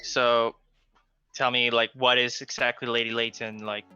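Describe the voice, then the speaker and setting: Bright-sounding guy running a tabletop game on stream, chill and jokey. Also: mid-range voice, little pitch movement, clear, resonant tone, highs cut off, faint music behind. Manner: laid-back, joking, quick asides. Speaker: game master.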